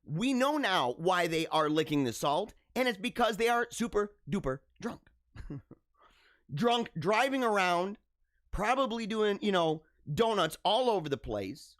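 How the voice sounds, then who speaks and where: A man hosts a live stream, talking loosely and jokily to his viewers and often tripping over his words. His voice sits a little high and swings widely in pitch. The sound is close and dry. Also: a little slow, no echo. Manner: animated, joking, frequent laughs and stammered restarts.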